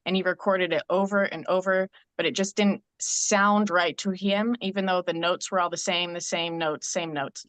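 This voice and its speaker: A woman's voice: on the low side, fairly even intonation, moderate pace, few pauses, a bit bright, no room sound. A woman in a casual podcast chat, telling a reflective story in an earnest way.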